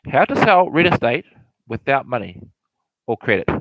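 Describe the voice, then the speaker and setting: On a rough recording with no echo, a man with a medium, slightly bright voice and big pitch swings explains real estate investing at a moderate pace. He rambles casually, repeats himself, stumbles over words, and laughs now and then.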